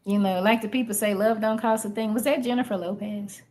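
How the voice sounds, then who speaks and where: A woman in casual podcast chat, talking in an animated, folksy way with frequent restarts. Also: mid-range voice, brisk. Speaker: podcast co-host.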